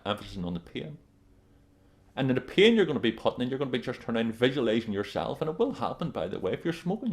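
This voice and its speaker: A man working as a life coach, giving a blunt, emphatic motivational talk straight to the camera and repeating his warnings. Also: medium pitch.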